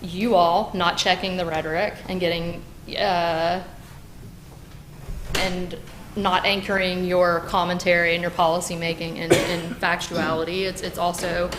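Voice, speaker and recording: Woman, public commenter, lowish voice, heated, filler-heavy, faint room noise. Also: little pitch movement, measured pace. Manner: heated, many fillers and restarts, addresses council directly. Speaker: public commenter at a city council meeting. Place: council chamber.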